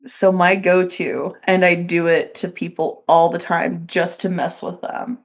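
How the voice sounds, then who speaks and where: A woman co-hosting a casual podcast, hesitant and quick to laugh. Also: fairly low pitch, little pitch movement. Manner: slow, hesitant, laughs often. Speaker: podcast co-host.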